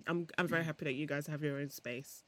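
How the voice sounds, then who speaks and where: A woman's voice: sits low, fairly even intonation, fast talker. A young woman co-hosting a casual podcast, dry and teasing in manner. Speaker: podcast co-host.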